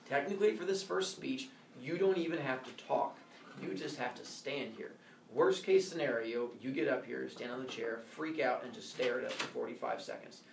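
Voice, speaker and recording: A male teacher explaining classroom rules in a playful, joking way, now and then shouting mock corrections. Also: medium pitch, normal speed, gravelly, roomy sound, far from the mic, background noise. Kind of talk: classroom instructions. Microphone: phone recording from across the room.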